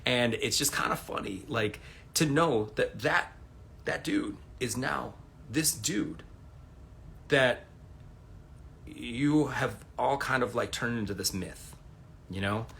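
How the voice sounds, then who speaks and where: Guy in his 40s on a phone live from home, rambly, swears a lot, bright sharp voice. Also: medium pitch, slow, creaky, pauses often, a little hiss or hum. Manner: rambling, profane, animated storytelling. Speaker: livestream host. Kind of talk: casual livestream monologue.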